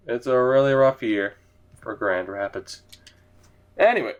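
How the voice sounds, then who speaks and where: A man's voice: medium pitch, normal speed. A man giving casual let's-play commentary on a hockey game, sleepy and yawning, rambling and swearing casually from his chair at home. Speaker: gaming commentator. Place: home gaming setup, in a chair.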